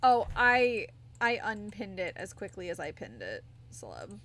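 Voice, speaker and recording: Speaking a little slowly, this young woman from the United States chats casually with her live-stream audience, giggly and a bit worn out. Her medium-pitched voice swings widely in pitch and has a fairly bright tone.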